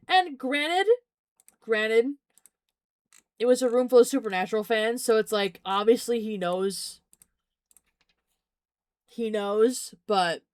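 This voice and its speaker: A woman's voice: on the high side, no echo, studio quality. A young adult woman streamer chatting casually, rambling, giggling often, and repeating herself. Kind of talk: casual chat.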